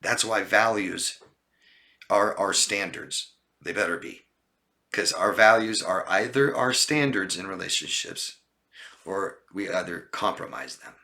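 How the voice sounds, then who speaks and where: A relationship coach on a live stream reads viewer comments aloud and answers them emphatically, repeating lists of words and often tagging lines with "okay?". His voice is low and creaky, with a bright, forceful tone.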